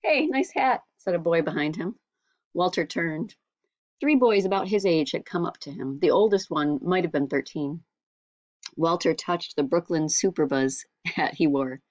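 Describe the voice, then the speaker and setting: Low-voiced woman reading a story. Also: moderate pace, no room sound, dull audio. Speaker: audiobook reader. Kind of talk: storybook narration.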